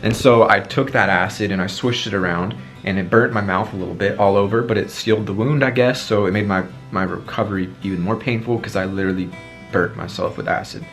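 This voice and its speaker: Young man, twenties, low voice, sore throat, animated storytime vlogger; faint guitar music under him. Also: fairly quick. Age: 20s. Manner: animated storytelling, acting out his own past lines. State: sore throat after tonsil surgery. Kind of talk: storytime vlog.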